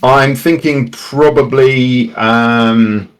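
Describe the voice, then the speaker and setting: A man's voice: medium pitch, steady tone, extremely slow, slight background noise. A man playing a tabletop game, chatty and self-deprecating with many restarts. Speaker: player. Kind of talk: casual chat.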